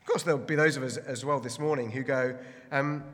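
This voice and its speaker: A man's voice: mid-range voice, steady tone, fairly quick, fairly bright tone. Man, pastor, sermon, hesitant with fillers, church hall reverb. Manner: hesitant, many ums and restarts. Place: church building.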